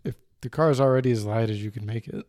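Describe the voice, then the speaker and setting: Mellow-voiced man in casual chat. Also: medium pitch, fast talker. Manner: tentative, stammering restarts.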